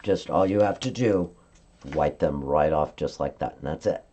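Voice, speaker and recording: A woman leads a live-stream craft lesson, talking through each step in a friendly, chatty way. Her voice sits low and mellow, and she often stops to check in with her viewers. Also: normal speed. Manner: chatty step-by-step instruction, frequent "okay?" check-ins. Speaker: card-making demonstrator.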